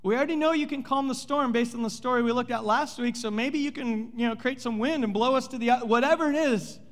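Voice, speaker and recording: A man preaching a sermon as pastor, telling the story in an animated way and playfully acting out the characters with sarcasm. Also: extremely high pitch, fast. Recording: long hall reverb.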